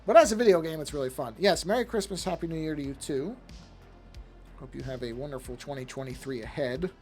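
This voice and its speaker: A man with a slightly higher voice chats idly while he draws on a live stream, drifting off topic and muttering to himself over the work. Soft music plays faintly behind him. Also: fairly quick. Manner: rambling, self-talk, easily sidetracked. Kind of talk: casual chat while drawing on a live stream.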